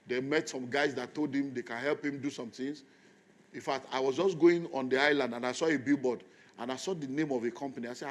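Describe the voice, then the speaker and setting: A middle-aged man with a Nigerian accent preaching, telling an animated story and acting out dialogue. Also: mid-range voice. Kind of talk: storytelling sermon.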